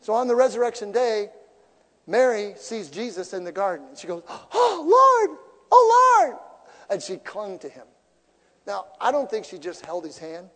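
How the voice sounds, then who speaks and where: A man preaching a sermon to his church as pastor, animated and joking between his points. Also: high voice, normal speed. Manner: animated preaching with jokes and asides. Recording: long hall reverb.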